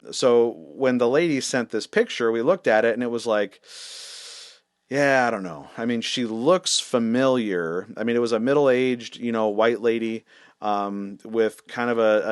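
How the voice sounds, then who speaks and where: A man's voice: medium pitch, dry recording, studio quality. A man, a senior pastor, telling a story in a casual, wry, self-deprecating way with lots of fillers.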